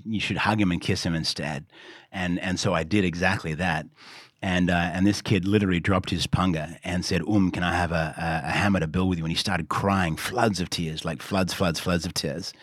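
A man's voice: low-pitched, no echo, clean studio sound. A middle-aged Australian man, a pastor, telling stories as a guest in a podcast interview and acting out the lines he quotes. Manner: animated storyteller who acts out quoted lines.

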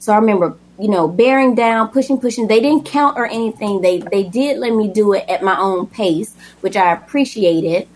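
A woman's voice: medium pitch, normal speed, few pauses, rough recording. A woman guest telling the story of her daughter's birth in a personal, emotional way. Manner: emotional, animated retelling with acted quotes.

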